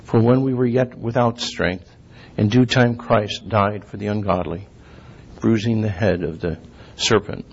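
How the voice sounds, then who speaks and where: A man giving a sermon, reading scripture slowly and clearing his throat often. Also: fairly low pitch. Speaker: lay preacher. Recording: dull lo-fi recording.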